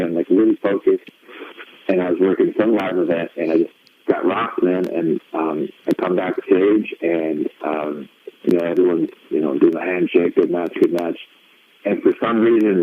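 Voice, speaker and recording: A man telling a story as a guest in a casual interview, animated and full of fillers, acting out what others said. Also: low voice. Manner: animated, quotes others in acted voices, many fillers. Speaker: guest wrestler. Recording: tinny phone-line sound with faint noise.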